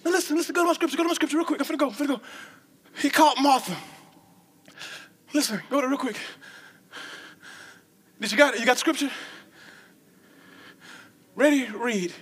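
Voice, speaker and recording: A woman preaching a lively sermon with call-and-response lines, breaking into shouts and joking asides. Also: high voice, fairly quick, pauses often.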